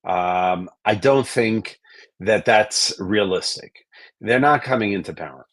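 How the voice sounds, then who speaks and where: Low-voiced rabbi, measured. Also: male voice, no room sound. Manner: measured, hedging with "um" and "I think". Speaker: rabbi, guest. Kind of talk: interview answers.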